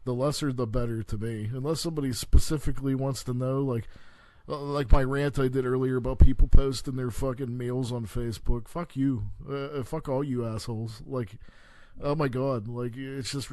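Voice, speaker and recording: A man hosting his own show, ranting in a casual, heavily profane way, halting often on fillers and restarts. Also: mid-range voice, fairly even intonation, dark tone, no echo. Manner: heavy swearing, halting with many fillers. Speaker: podcast host. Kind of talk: profane rambling rant.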